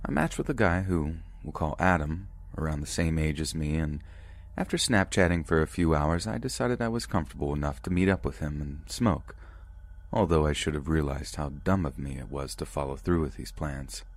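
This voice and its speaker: Man, very deep voice, calm measured narration, scary story podcast reader. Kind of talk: scripted narration of reader-submitted scary stories.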